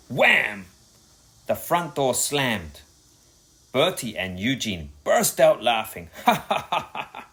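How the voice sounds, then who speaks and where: A man reading a children's story aloud, dramatic and expressive. His pitch moves a lot as he tells it. He takes his time over every line. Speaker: narrator.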